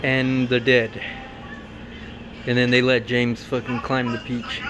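A man's voice: medium pitch, completely flat delivery, slow pace, noisy background. A man giving rambling, profane, joking commentary on a film while carving pumpkins at home. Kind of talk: casual chat.

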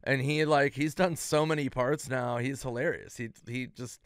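A man's voice: mid-range voice, normal speed, clear, resonant tone, no room sound, studio quality. A man from Minnesota, a comedian guest on a podcast, telling casual stories and acting out quotes in different voices. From Minnesota, USA. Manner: animated storyteller who acts out quotes in varied voices. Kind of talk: casual storytelling chat.

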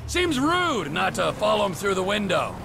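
An actor playing a rough, sarcastic and unhinged criminal driver with a mocking manner, in video game dialogue. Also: male voice, high-pitched, huge pitch swings, moderate pace, full character voice. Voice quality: gravelly, mocking. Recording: loud car noise behind.

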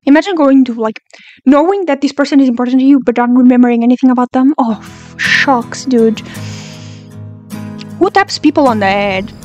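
A young woman hosting a reaction video, talking back at the screen, excitable and swearing freely. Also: sits high, moderate pace, muffled recording, soft background music. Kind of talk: casual reaction commentary.

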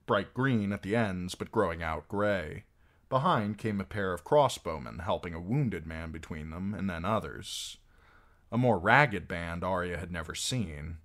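A man's voice: sits low, a bit bright. A man narrating a fantasy novel chapter as an amateur audiobook reader, reading expressively.

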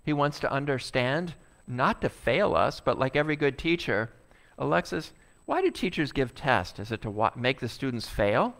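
A male pastor preaching a sermon, animated and acting out a complaining crowd. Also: mid-range voice, normal speed, vocal fry.

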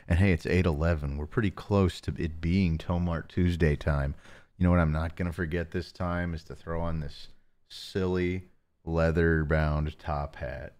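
A man hosting a live stream, chatting casually with viewers and talking softly close to the mic to save his voice. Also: deep voice, fairly even intonation, a little slow. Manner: joking, reads chat names aloud. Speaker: livestream host.

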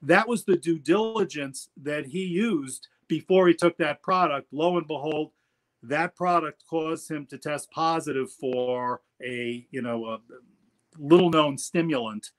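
A man's voice: on the high side, a little slow. A middle-aged man, an attorney guest, telling stories in casual interview talk and often repeating words as he goes.

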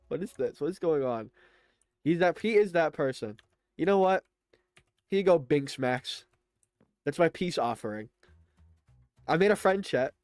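A man streaming a video game live, talking to his chat in a chatty, excitable way. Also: on the high side, unhurried, pauses often, dry recording, faint music behind. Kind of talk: live gaming stream commentary.

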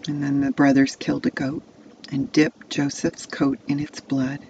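A woman's voice: rumbling low, little pitch movement, normal speed, warm tone, dull audio, a little hiss or hum. A woman telling a Bible story to children, placing the listener inside the tale as "you". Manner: second-person immersive storytelling.

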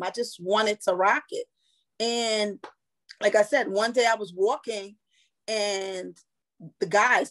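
A woman guest in a podcast interview, telling a personal story in an animated, laughing way. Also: on the high side.

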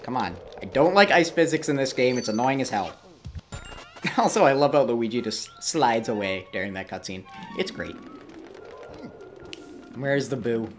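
Dude playing a ghost game, cursing and begging it, voice jumps all over the place. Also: male voice, mid-range voice. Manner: easily frustrated, swears and pleads at the game. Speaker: gameplay commentator. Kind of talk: let's play commentary.

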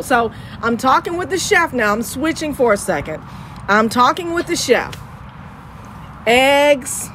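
Lively Southern woman radio host. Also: fairly high pitch, a little hiss or hum. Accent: Southern US, East Texas. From East Texas. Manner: exuberant, preachy, repeats phrases.

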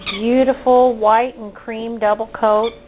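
A woman with a slightly high voice chats cheerfully about the puppies she breeds. She gushes and laughs easily while talking to a visitor at home. A faint hiss sits under the recording. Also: level tone, slow, darkish tone, rough recording. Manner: cheerful, chatty, gushing over puppies. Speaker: dog breeder showing puppies. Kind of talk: casual chat while filming puppies.

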